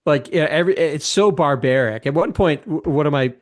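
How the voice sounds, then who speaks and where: A man's voice: on the high side, fairly quick. A man in his fifties co-hosting a casual film discussion, retelling scenes with enthusiasm, rambling and restarting his sentences. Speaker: podcast co-host.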